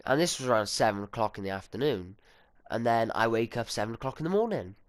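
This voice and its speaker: A man's voice: mid-range voice, lively intonation, fast, no room sound, studio quality. A sixteen-year-old boy telling a rambling, indignant, sweary story to his viewers. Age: teens. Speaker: vlogger. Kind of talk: casual storytime.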